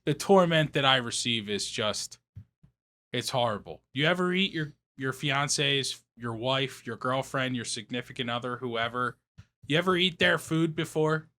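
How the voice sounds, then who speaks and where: A young man co-hosting a comedy podcast tells stories in casual, comedic banter, swearing often and acting out quotes with animation. His voice is mid-range and a little slow.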